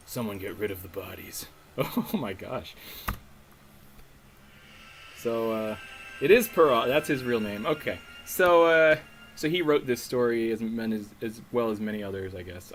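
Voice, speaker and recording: A man's voice: mid-range voice, a little hiss or hum, poor audio. A man commenting casually on a story game he is playing, rambling and trailing off with chuckles. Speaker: game streamer. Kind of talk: let's play commentary. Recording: faint music underneath.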